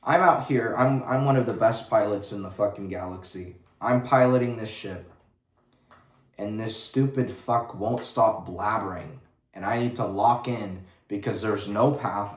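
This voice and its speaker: A man giving a casual livestream rant in a blunt, profane, rambling way. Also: on the low side. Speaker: vlogger. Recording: roomy echo.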